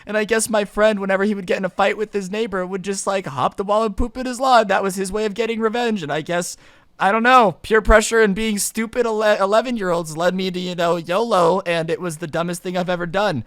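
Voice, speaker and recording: A young man telling a funny childhood story in a casual, animated way, with slangy asides and frequent laughs. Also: high-pitched, fairly quick, no echo, studio quality.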